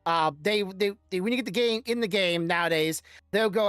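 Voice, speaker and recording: A woman's voice: medium pitch, fairly quick, a bit bright, no room sound. Woman podcast co-host, rambly and explanatory, dry close mic with faint music. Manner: rambling, explains with examples, laughs often. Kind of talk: casual podcast chat.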